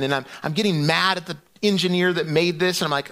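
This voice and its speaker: Middle-aged male pastor, fairly high voice, chatty sermon delivery with lots of restarts. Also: fast talker. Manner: conversational, animated storytelling with restarts.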